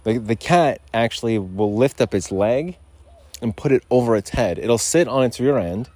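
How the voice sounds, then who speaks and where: A man's voice: medium pitch, expressive, moderate pace, darkish tone, no room sound. A man hosting a podcast outdoors, rambling in loose, profane, digressive casual chat. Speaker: podcast host. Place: outdoors on a rural lot.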